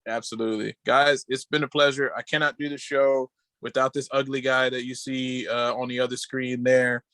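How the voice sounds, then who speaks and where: A man co-hosting a podcast over a video call, casual chat full of crude deadpan jokes. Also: medium pitch, moderate pace, no echo. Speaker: podcast co-host.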